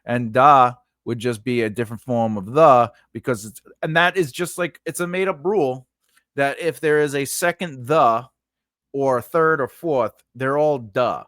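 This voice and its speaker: A man's voice: mid-range voice, normal speed, a bit bright, dry recording, studio quality. A man giving a casual lesson on building grammar for invented languages, rambling and correcting himself, often checking in with "right?". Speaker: writing teacher.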